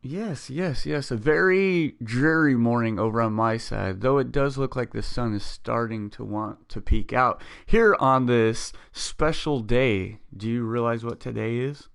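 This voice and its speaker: A man's voice: mid-range voice, a little slow, gravelly, hardly any pauses, clear, resonant tone. A man hosting a casual gaming podcast, upbeat and chatty, with plenty of fillers. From Scottish heritage. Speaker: podcast host.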